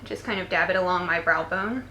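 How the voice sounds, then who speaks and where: A young woman in her twenties, tired from poor sleep, narrates a casual makeup tutorial in a lowish, sharp voice at a slightly fast pace. She's chatty and playful with joking asides, and the roomy, echoing recording carries faint background noise and faint voices of people outside.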